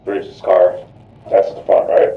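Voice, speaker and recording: A man under police questioning, rambling and repeating himself as he talks through what happened, full of "you know, like". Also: measured pace. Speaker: murder suspect under questioning. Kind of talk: rambling account in a police interrogation. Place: police interrogation room. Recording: echoey, distant, lo-fi interrogation room.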